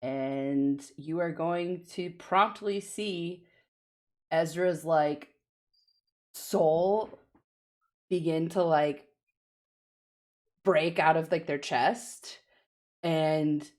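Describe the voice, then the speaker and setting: Slow, low-voiced woman player, rambling through her turn with lots of fillers. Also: a little mellow. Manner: rambling, many filler likes, laughs between actions. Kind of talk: narrating a tabletop game move.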